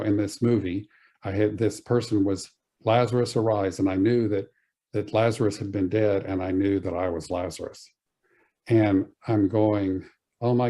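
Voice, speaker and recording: A man telling a personal spiritual story as a podcast guest, earnest and halting, with many pauses and fillers. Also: lowish voice, dark tone.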